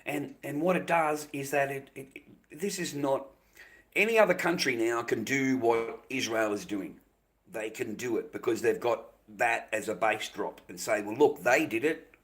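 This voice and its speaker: A man's voice: mid-range voice, normal speed, fairly bright tone. An Australian man ranting angrily on a livestream, swearing heavily and repeating himself. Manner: angry, profane, repetitive ranting. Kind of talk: livestream rant.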